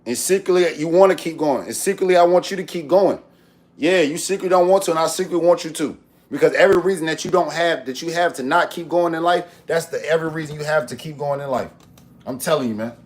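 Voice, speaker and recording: Man, upbeat motivational chat, a bit high-pitched, roomy kitchen sound. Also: fast talker. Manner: upbeat, preachy motivational riffs, repeats phrases, talks to chat. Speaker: cooking and motivation streamer. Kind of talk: casual live-stream talk while cooking. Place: home kitchen. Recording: roomy kitchen with faint ambience.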